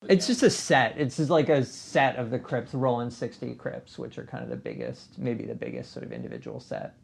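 A man's voice: medium pitch, very animated, fairly quick, soft background music. A man hosting a podcast, reading the outro and credits, then chatting loosely about the topic. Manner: reads credits smoothly, then chats loosely with many fillers. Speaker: podcast host. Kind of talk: podcast outro and casual commentary.

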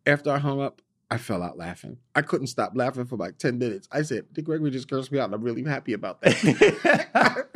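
A man in his fifties from Long Island, a guest in a studio, telling stories in an animated way. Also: mid-range voice, fairly quick. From Long Island, New York. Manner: animated storyteller, acts out other people's voices. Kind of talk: casual interview storytelling. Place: recording studio.

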